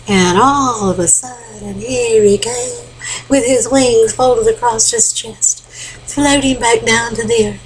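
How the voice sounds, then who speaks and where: An older woman telling a folk tale to her grandchildren, animated and often sinking into a hushed whisper. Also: on the high side, takes it slowly, a little hiss or hum, low-quality recording. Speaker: grandmother storyteller.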